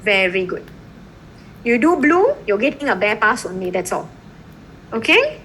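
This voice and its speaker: A woman's voice: on the high side, a little slow, slight background noise, rough recording. A woman law lecturer teaching a class, explaining an assignment and often checking in with her students. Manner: lively, repeatedly checking in with "okay?" and "right?".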